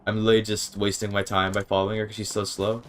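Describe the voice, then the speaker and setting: Over soft background music, a man streams a video game and chats casually with viewers, swearing and restarting sentences when frustrated. His fairly low voice is completely flat and very fast.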